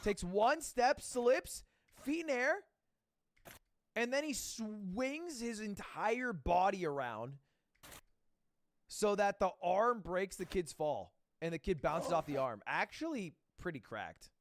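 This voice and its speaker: Animated joking man reacting to clips. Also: sits high, slow pace. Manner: joking, expressive, swears freely. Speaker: reaction video creator. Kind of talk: casual reaction commentary.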